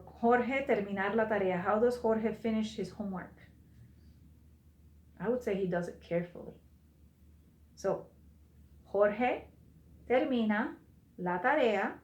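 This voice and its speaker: A woman's voice: medium pitch, darkish tone, echoey room. A woman teaching a recorded language class, patient, repeating and translating each phrase for her students. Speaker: Spanish teacher.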